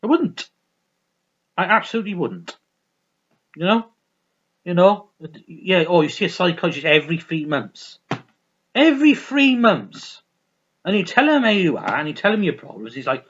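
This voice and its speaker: A man's voice: high-pitched, sing-song, moderate pace, long pauses, a bit bright, slightly rough, lo-fi sound. A man vlogging in a heated, swearing rant full of restarts. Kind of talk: ranting vlog monologue.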